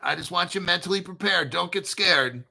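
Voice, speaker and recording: A man hosting a crypto video show, talking in an excitable, rambling, profane way. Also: high-pitched, normal speed, creaky, rough recording. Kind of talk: casual profane commentary.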